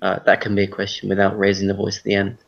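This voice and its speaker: Low gravelly male tutor on a call. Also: quick pace. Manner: relaxed, explains with spoken examples. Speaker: English tutor. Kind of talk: online class explanation. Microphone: video call. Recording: dull lo-fi video call audio.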